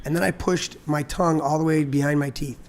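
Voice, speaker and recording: Hoarse, animated man telling stories. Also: on the high side, brisk. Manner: animated storyteller, repeats words, sings snippets. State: voice worn out from illness. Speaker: podcast host and singer. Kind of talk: casual chat.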